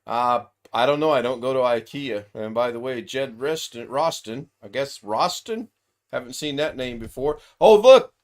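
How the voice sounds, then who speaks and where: A man's voice: mid-range voice, moderate pace. Chatty man hosting a livestream quiz. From United States. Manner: chatty, laughs often, reads viewer comments aloud. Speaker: livestream host. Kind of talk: casual chat on a live video call. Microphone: desk microphone.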